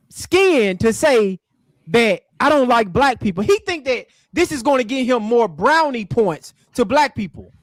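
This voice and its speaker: In a dry recording of poor quality, a livestream host with a very high voice reacts live to a clip. He keeps it casual, mocking what he's watching and answering it back.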